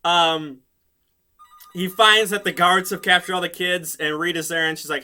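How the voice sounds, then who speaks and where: A man casually recapping a TV episode in an excitable, rambling way, laughing often and using lots of fillers. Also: high voice, normal speed, clear, resonant tone, faint music behind. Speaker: show reviewer.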